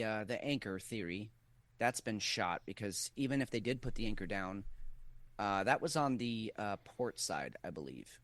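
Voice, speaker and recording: A man's voice: lowish voice, a bit bright, no echo. A middle-aged man co-hosting a podcast, talking casually in an insistent, skeptical way with many fillers. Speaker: podcast co-host. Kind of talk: casual conspiracy talk.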